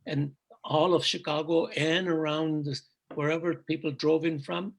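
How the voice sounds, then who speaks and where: An older man, a native Urdu speaker, telling stories from his past in a reflective, halting way during casual chat. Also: on the high side, little pitch movement, creaky. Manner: reflective storytelling, halting restarts. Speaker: guest, father of the hosts.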